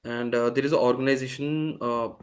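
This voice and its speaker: Over a video call, a man runs a live online workshop as a screen-share tech demo, explaining things step by step with frequent fillers and restarts. His voice is mid-range and brisk, with fairly even intonation.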